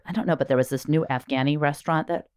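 Wry woman podcast host, lowish voice. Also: steady tone, fast, a little mellow, smooth. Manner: wry, self-mocking storyteller. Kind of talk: casual chat.

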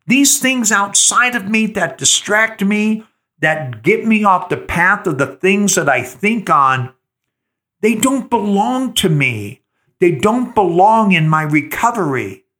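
An older man leads a spiritual recovery reflection in an earnest, sermon-like manner and keeps turning to his listeners with questions. His voice is bright and sits a touch high. He takes his time, with long unhurried pauses. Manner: slow, earnest, preacher-like with rhetorical questions. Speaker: podcast host.

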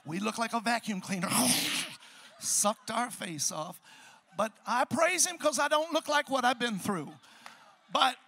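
A pastor in his sixties preaches to a church congregation. His voice sits high and sounds bright and forceful. He keeps the sermon lively, trading jokes with the crowd. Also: measured pace. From Chicago, USA. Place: church hall before a congregation.

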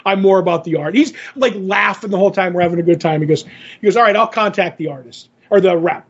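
Brief: husky, high-pitched male podcast co-host, animated storyteller, lo-fi audio. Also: fast. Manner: animated, acts out others' lines in the story. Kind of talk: casual storytelling chat.

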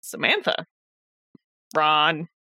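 Brief: woman podcast co-host with a Jersey accent, quick and animated. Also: low voice, no room sound, studio quality. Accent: New Jersey. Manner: fast, animated storytelling. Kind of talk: casual chat about a podcast.

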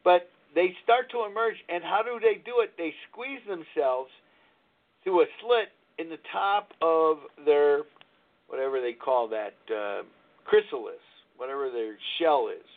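Man, talk radio host, rambling storyteller, searches for words, high voice, thin phone-line sound. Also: a little slow. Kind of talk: casual radio talk about recovery.

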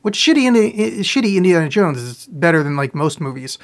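A man with a slightly high voice chats on a live podcast stream, with a sore throat. He rambles from one listener question to the next, swears freely and mocks himself as he talks. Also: big pitch swings, fast talker. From US East Coast. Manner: rambling, profane, self-mocking. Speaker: podcast host. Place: home, live on video stream.

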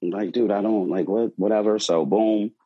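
A man's voice: fairly low pitch, moderate pace, husky, lo-fi sound. A man, a bartender, telling a wild story from his shift in a casual, profane way, acting out quotes. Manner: animated, profane, acts out quotes.

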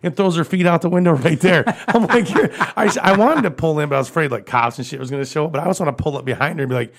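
A man telling crude, profane stories in casual chat, laughing often and getting animated as he goes. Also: on the high side, rapid-fire, vocal fry.

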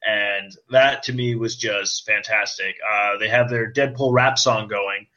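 An excitable man chatting casually on a podcast, his voice very bright and sharp. He keeps breaking into high squealing impressions of scenes, and the recording sounds dull and lo-fi. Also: a little slow. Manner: excitable, acts out movie lines in a high squealing voice. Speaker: podcast co-host. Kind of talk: casual chat.

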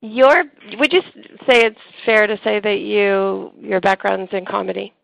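Brief: Canadian female talk host, gravelly, chatty and teasing, dry studio sound. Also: medium pitch, unhurried, fairly bright tone, no room sound, rough recording. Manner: chatty, teasing, laughs easily. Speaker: radio show host. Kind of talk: casual interview talk.

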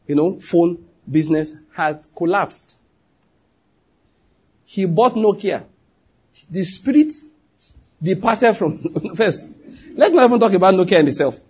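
Husky, high-voiced male pastor preaching. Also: darkish tone. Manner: emphatic, questioning the congregation. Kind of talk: sermon.

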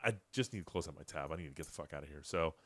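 A man hosting a casual podcast, telling a bar story in a loose, profane, animated way. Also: a bass voice, racing, no echo. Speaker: podcast host.

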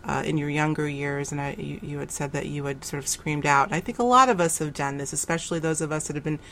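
A woman's voice: low voice, fast, a bit bright, slight background noise. A woman hosting an interview, asking reflective, probing questions. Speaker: host.

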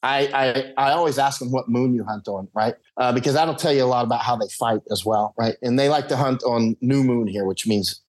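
A man as a guest, telling rambling, animated stories with frequent chuckles. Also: medium pitch, fairly quick, few pauses, low-quality recording. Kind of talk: casual storytelling.

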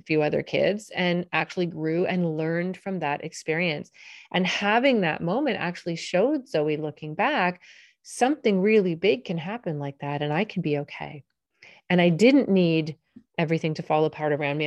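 A middle-aged woman talks through a family story on her parenting podcast. Her voice sits slightly low, and her delivery is loose and conversational, full of small fillers and self-corrections. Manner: conversational, anecdotal, with fillers and restarts.

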